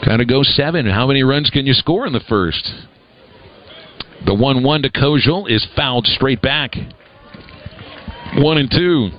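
A man calls a baseball game play-by-play at a brisk, conversational clip, with a dry sense of humor between pitches. His voice sits at an ordinary middle pitch. The broadcast audio sounds slightly dull. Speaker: play-by-play announcer. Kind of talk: live baseball play-by-play commentary.

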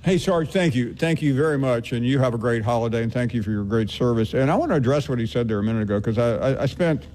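A man hosting a talk radio show, thanking callers and answering quickly. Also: medium pitch, darkish tone, a little hiss or hum. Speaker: radio host.

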